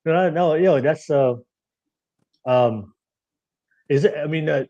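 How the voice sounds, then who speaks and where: A man hosting a podcast, asking questions in a halting, casual way with many fillers and easy laughs. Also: on the high side, dark tone, lo-fi sound. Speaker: host.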